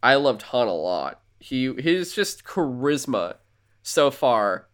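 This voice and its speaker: Man, podcast co-host, casual chat, rambling movie recap, medium pitch. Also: slow pace, smooth. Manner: rambling, animated movie recap with acted-out quotes and laughs.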